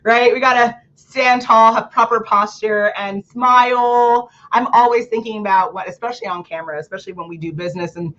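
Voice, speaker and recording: A woman's voice: on the high side, fairly quick, hardly any pauses, highs cut off. A woman hosting an online book club, talking casually and energetically about public speaking, with lots of fillers and frequent laughter. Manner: lively, chatty, laughs often, many "like" fillers. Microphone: home computer or camera setup.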